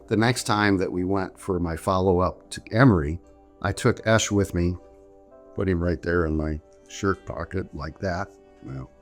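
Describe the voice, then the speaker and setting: Low-voiced man telling a chatty story. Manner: chatty, jokey, many restarts and "so anyway". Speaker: vlogger telling a personal story. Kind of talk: casual storytelling to camera.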